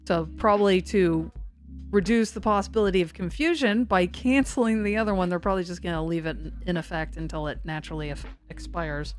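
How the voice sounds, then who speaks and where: Her pitch fairly low and her pace a little quick, a woman runs a severe-weather livestream and answers the chat in a loose, rambling, self-mocking way. Faint music, a looping song, plays behind her.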